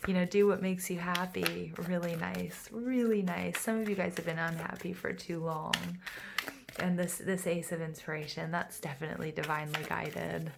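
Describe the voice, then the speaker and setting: A woman giving a casual tarot reading to her viewers, gushing and excitable, full of fillers and a little out of breath. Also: fairly low pitch, moderate pace, creaky, background noise. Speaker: tarot reader.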